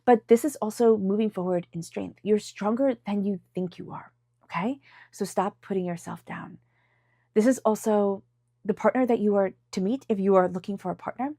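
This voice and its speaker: A congested woman giving a casual, chatty tarot reading to camera, emphatic at times and dropping into soft whispers. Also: mid-range voice, normal speed, no echo, studio quality. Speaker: tarot reader.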